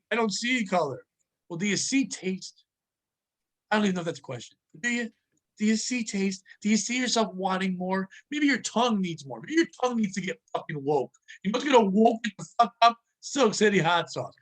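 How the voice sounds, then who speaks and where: A man rants through a comedic podcast chat, swearing freely and piling joke on joke. His voice sits high and rings bright and forceful. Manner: profane, animated, ranting. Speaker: podcast host.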